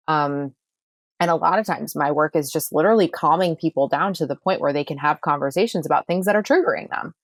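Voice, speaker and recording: A woman with a notably low voice explains her ideas with emphatic repetition. She talks in a relaxed podcast conversation, close to the mic in a dry room. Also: a little fast, no echo. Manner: emphatic, repeats phrases for effect. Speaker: manifestation coach and astrologer.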